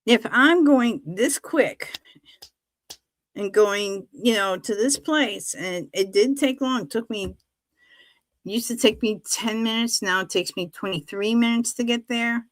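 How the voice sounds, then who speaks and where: A woman hosting a casual faith chat on a livestream, telling animated stories, acting out what others said and laughing often. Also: a little high, a little slow, no echo. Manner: animated storytelling, acts out quoted voices, laughs often. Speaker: livestream host.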